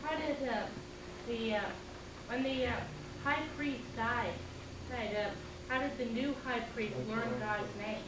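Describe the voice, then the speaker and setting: A woman's voice: fairly high pitch, measured pace. Hesitant woman asking from the audience. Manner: hesitant, many fillers. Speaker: audience member asking a question. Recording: distant mic in an echoey room, hiss.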